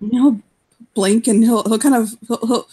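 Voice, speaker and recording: A woman's voice: a little high, steady tone, mellow, breathy edge. A woman playing a tabletop role-playing game, describing her character's actions with frequent laughs and restarts. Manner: giggly, halting with restarts. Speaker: player. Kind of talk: casual tabletop role-play.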